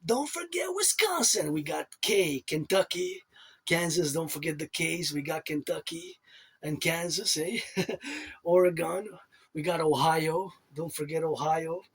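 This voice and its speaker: A man's voice: fairly high pitch, steady tone, measured pace, gravelly, husky. A man rambling in a monologue to camera, repeating himself and reeling off places in bursts. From Canada. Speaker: self-styled event organizer.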